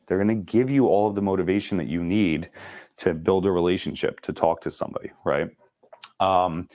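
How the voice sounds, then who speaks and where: A deep-voiced man leads a casual sales training session and talks fast. He jokes and keeps it chatty. His voice sounds dry and close, with little room echo. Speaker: real estate sales trainer.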